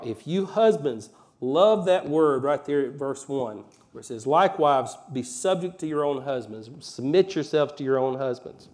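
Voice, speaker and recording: A man's voice: mid-range voice, darkish tone. A man from Alabama with a mild Southern accent delivers a sermon in a conversational, folksy way. His voice sits in a middle register. He leans into key phrases with rising emphasis. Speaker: pastor.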